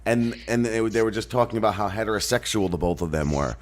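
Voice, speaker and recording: Brief: man dropping into a live chat, animated, jokey, rambling. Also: fast talker. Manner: rambling, jokey, breaks into high mocking voices. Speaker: guest dropping in. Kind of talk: casual chat.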